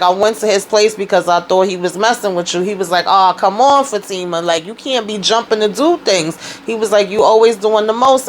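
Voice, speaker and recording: A woman's voice: lowish voice, a little hiss or hum. Chatty woman recapping a TV episode. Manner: chatty, retelling scenes with quoted lines and laughter. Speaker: TV recap host. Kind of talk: casual recap vlog.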